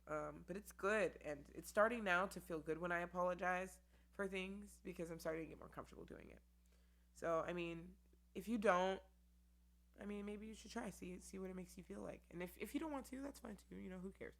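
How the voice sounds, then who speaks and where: A woman hosts her own solo podcast, talking to camera in a loose, candid way. Her voice sits low, and she rambles with frequent "um" and "like". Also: brisk, creaky, a bit bright. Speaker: podcast host. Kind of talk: casual solo podcast chat. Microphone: camera with mic.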